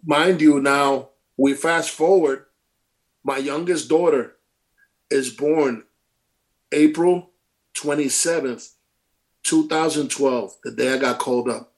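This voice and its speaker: A middle-aged former ballplayer tells his stories in a loose, animated way, acting out the quotes and swearing freely. His voice sits a little high for a man. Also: slow pace, long pauses. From Brooklyn, New York. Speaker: former pro baseball player, guest. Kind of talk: casual storytelling interview.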